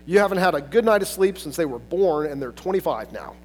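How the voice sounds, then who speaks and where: A man with a high-pitched voice preaches in a relaxed, conversational way, dropping in asides and filler words as he goes. His voice rings out with a long reverb, as in a large church hall. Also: fairly quick. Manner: casual, chatty, with frequent "like" and "um" fillers and asides. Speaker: pastor. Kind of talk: conversational sermon.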